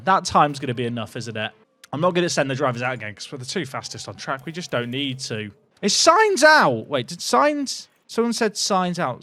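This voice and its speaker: Excitable man streaming a racing game. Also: fairly high pitch, dry recording. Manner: excitable, chatty, talks to chat. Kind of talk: live gameplay commentary. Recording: faint game music behind.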